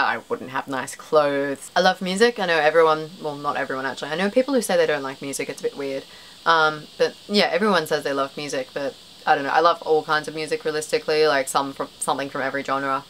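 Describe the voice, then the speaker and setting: A woman's voice: low voice, a bit bright, rough recording. A young Australian woman vlogging to camera in a rambling, self-deprecating way, full of fillers. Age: young adult. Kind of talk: casual chat to camera.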